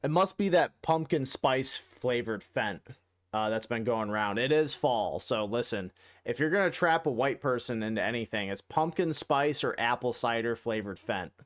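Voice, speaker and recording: A man's voice: medium pitch, animated, normal speed. A man in mid-register talks casually over a game stream, rambling and cracking profane jokes. He speaks into a desk microphone at home, loose and unscripted. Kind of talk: casual live-stream commentary.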